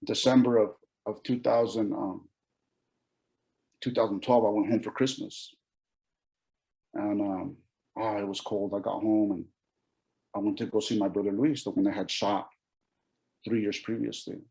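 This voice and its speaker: A man in his forties from Oregon gives a keynote testimony about his own life. His voice is gravelly and dark, with a mellow edge. He tells it with feeling, restarting sentences and acting out what people said. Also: on the low side, flat delivery, moderate pace, pauses often, poor audio. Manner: emotional storytelling with many restarts and quoted dialogue. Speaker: keynote speaker. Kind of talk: personal testimony speech.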